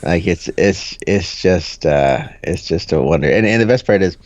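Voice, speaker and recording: A man's voice: low voice, lively intonation, moderate pace, darkish tone, dry recording. A man telling a rambling, jokey story in casual podcast chat, full of fillers and restarts. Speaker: podcast co-host. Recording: dull, dry lo-fi sound.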